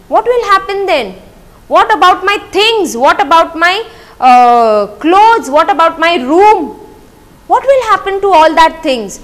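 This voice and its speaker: High-voiced teacher with slow, reverberant delivery. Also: female voice, a bit bright. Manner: repetitive, asks questions and answers them herself. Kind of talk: explaining a poem to a class.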